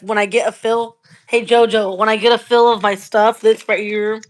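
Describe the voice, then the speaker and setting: A woman talks loosely on a live stream from her phone, her voice sitting a bit high. She is relaxed, swears freely and lets her sentences drift off quietly. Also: normal speed, poor audio. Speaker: livestream co-host. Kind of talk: casual chat. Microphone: phone on a live video call.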